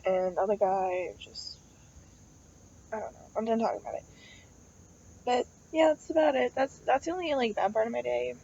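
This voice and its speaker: A young woman with a fairly high voice rants about her day in a loose, rambling way. She peppers her talk with swearing and "like". The recording sounds a little dull and lo-fi. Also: lively intonation, moderate pace, creaky, pauses often, warm tone, slight background noise. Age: young adult. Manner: rambling, swears often, heavy use of "like" and fillers. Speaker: college student vlogger. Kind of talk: casual venting monologue.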